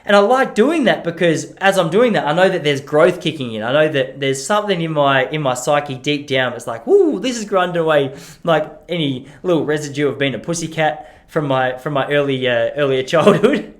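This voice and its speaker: A young Australian man hosts a podcast on his own, talking in a loose, chatty way. He pokes fun at himself and jumps into quick impressions of people in his stories. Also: fairly high pitch, lively intonation. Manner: chatty, self-mocking, acts out voices in quoted stories. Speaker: podcast host. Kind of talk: casual solo monologue.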